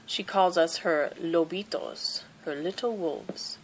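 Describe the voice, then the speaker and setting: A woman reading a children's picture book aloud, narrating softly in the first person as a young girl. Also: lowish voice, slow pace, a little hiss or hum. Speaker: storybook reader.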